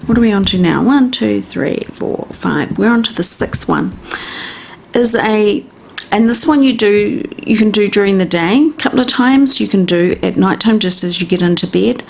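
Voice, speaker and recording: A middle-aged woman with a New Zealand accent, hosting a radio health and wellness talk and gently coaching listeners step by step in a chatty way. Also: mid-range voice, lively intonation, normal speed, vocal fry. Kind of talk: casual instructional radio talk.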